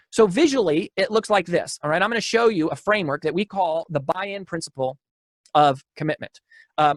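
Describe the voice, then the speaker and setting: A man's voice: sits high, dry recording, studio quality. A man giving a motivational keynote talk, telling stories with energy, repeating his key lines and often restarting phrases.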